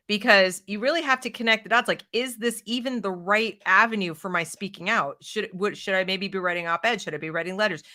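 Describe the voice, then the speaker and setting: Bright-voiced woman hosting an interview. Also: medium pitch, a little fast, hardly any pauses. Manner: emphatic, animated, mocks opponents in a put-on voice. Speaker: podcast host. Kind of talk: conversational interview.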